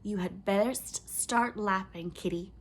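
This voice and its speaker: A spirited young noble girl speaks up with firm pride and a teasing streak, voiced by a woman reading aloud. The storybook voice stays close to the reader's own, just a touch brighter and higher. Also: takes it slowly, husky. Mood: haughty. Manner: firm, proud, playful.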